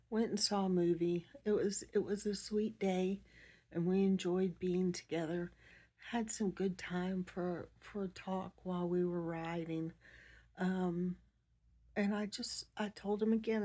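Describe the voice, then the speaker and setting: Middle-aged woman, soft and emotional personal monologue, slow and halting, fairly low mellow voice. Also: husky. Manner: soft-spoken, emotional, halting with many pauses. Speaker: vlogger.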